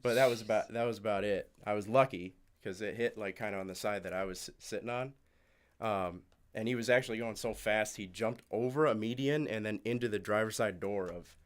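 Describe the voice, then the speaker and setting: A man's voice: lowish voice, fairly quick. A young man, a podcast regular who races cars, telling casual stories with lots of laughter. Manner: animated, laughs through his stories. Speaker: podcast guest, race car driver. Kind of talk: casual storytelling.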